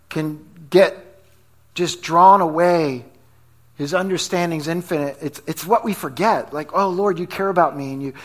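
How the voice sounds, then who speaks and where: A pastor with a high, slightly bright voice preaches a sermon conversationally. He asks the congregation questions and tells stories with energy.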